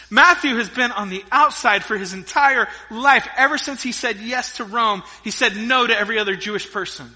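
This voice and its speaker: A middle-aged man preaching a sermon, telling stories with lively energy and dropping between loud emphasis and quiet asides. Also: very high voice, fairly quick, hardly any pauses. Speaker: pastor. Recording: long reverb of a large hall.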